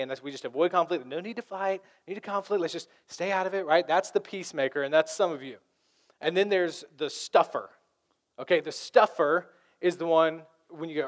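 A man pastor preaching a lively sermon, acting out the voices of arguing people. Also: a little high, fast talker.

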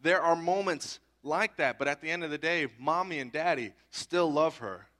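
A man's voice: a little high, normal speed, sharp tone. Man preaching in a chatty, checking-in way. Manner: conversational preaching with "okay?" and "right?" check-ins. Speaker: pastor. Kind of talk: sermon.

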